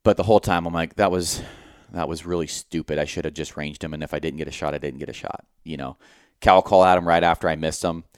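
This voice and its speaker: A man with a low, smooth, resonant voice recounts a hunt to his podcast co-host in relaxed chat. He swears freely and acts out his own inner thoughts. The sound is close and dry. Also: quick pace, dry recording. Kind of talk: casual hunting story.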